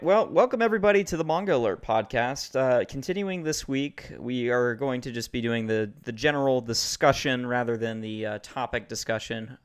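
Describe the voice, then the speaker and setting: A man's voice: medium pitch, clean tone. An American man hosting a podcast over a call, chatting casually and teasing his co-hosts. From United States. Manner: teasing, joking banter. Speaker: podcast host. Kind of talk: casual chat. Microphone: video call.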